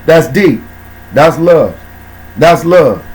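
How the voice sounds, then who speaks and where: A man hosting a casual talk show, speaking in slang and shouting out viewers by name. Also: on the high side, animated, drawn-out words, a little hiss or hum, rough recording. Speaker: host.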